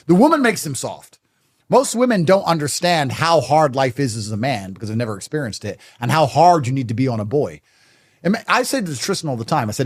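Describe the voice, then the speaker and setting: A man's voice: a little high, very animated, brisk. A man speaking as a guest in a podcast conversation, blunt and emphatic in his statements.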